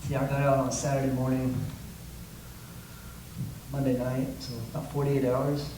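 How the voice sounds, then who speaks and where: A pastor's mid-range voice holds a fairly flat pitch at normal speed as he preaches with impassioned delivery and acted-out quotes. The far-off mic picks up church echo and a bit of faint noise.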